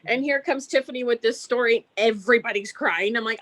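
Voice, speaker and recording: Woman co-host, bright higher voice, dry mic, blunt and profane. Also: a little fast, dry recording. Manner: blunt, swears, laughing asides. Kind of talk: casual podcast chat.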